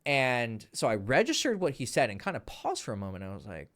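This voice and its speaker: A man, a dating coach, telling a story casually, animated, laughing and swearing freely. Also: medium pitch, brisk.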